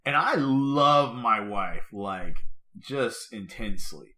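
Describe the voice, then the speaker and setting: A man's voice: medium pitch, slow pace. A man co-hosting a podcast in casual chat, telling stories and acting out the lines of others. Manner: animated storyteller, acts out quotes. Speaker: podcast co-host.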